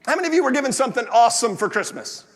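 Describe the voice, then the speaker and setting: High-voiced pastor preaching in a reverberant hall. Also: male voice, racing. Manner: animated storytelling with acted asides. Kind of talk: sermon. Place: large church sanctuary.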